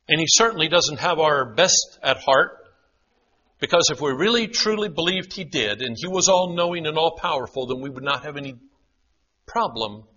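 A man preaching a sermon, shifting between emphatic declarations and hushed retellings. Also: a little high. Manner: dramatic, drops to a hush for quoted lines. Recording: dull lo-fi sound.

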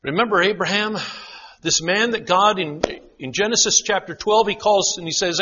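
A man preaching a sermon, shifting between emphatic declarations and hushed retellings. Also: high voice, moderate pace. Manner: dramatic, drops to a hush for quoted lines. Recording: dull lo-fi sound.

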